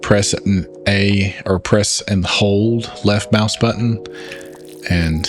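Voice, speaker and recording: A man's voice: lowish voice, fairly even intonation, slow, faint music behind. A man with a Southern US accent from Arkansas, chatting casually while explaining game controls in a let's play. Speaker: gaming channel host.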